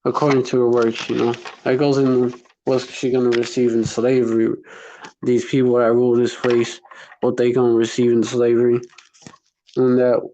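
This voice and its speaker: A man's voice: medium pitch, completely flat delivery, moderate pace, dark tone, highs cut off, slight background noise. A man teaching casually from scripture, reading verses aloud and breaking into loose slang between them.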